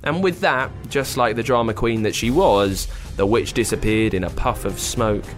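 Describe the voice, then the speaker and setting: A man narrating a children's story in a playful, expressive way, over faint music. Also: mid-range voice, normal speed.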